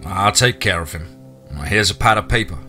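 A man's voice: low voice, moderate pace, pushed and bright, faint music behind. A man voicing a firm, authoritative small-town male police chief. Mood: businesslike.

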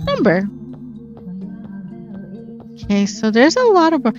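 A woman's voice: on the low side, animated, unhurried. Woman gamer, chatty let's-play narration, dull lo-fi mic, faint game music behind. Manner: chatty, self-mocking, reacts aloud to the game. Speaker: gameplay streamer. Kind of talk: casual let's-play commentary.

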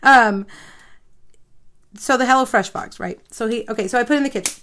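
A woman's voice: fairly high pitch, brisk, a bit bright, slight background noise. A woman hosting a live craft stream, chatting to viewers and telling a rambling story while she works.

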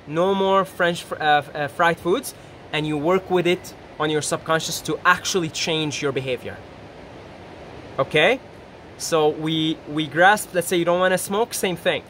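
A man's voice: on the high side, a little hiss or hum. A man giving a casual, rambling motivational talk to camera, acting out quoted voices. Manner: animated, rambling, acts out little quoted voices, laughs often. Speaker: self-help YouTuber.

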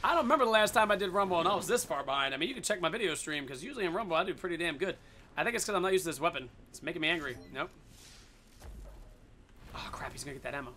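A man giving excited, casual commentary on his own gameplay, swearing and yelling at the game. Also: a little high, rapid-fire, slight background noise. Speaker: gaming video host.

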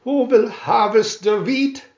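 A man voicing a fussy, hardworking little hen who clucks high and insistent. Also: slow, darkish tone, heavily acted. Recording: roomy, dull lo-fi home recording.

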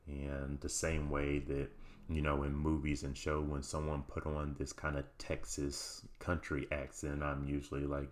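A man hosting a show, recapping a TV episode in a casual, halting way with many ums and restarts. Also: a bass voice, monotone. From United States. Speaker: show host reviewing a TV series.

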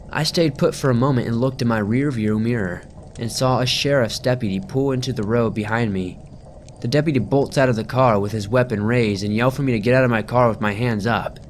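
A man narrating a first-person horror story in a tense, dramatic delivery, dropping to a hush at times. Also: mid-range voice, slight background noise.

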